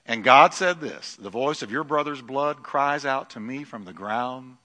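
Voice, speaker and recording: A middle-aged man preaching a sermon in a church, swinging from loud declarations to hushed lines. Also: medium pitch, animated, unhurried. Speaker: pastor. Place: church sanctuary. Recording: long hall reverb.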